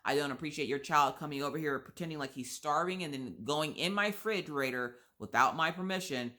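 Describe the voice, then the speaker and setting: A young adult woman telling a story in a casual chat while crocheting, blunt and sassy, acting out quotes with big pitch swings. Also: brisk, sharp tone. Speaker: vlogger.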